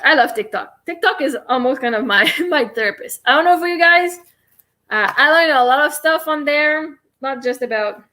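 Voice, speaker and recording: French-speaking woman vlogging in english, kinda high voice, rambly and demonstrative. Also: fairly bright tone. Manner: meandering, self-interrupting, demonstrative. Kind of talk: casual talk to camera.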